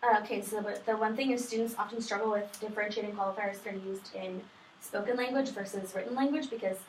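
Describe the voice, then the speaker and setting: A woman's voice: medium pitch, steady tone, fast talker. A young woman, a student, casually summarizing her reading for a study group, chatty and full of fillers and self-deprecating asides. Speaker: student presenter. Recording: echoey room, distant mic, faint noise.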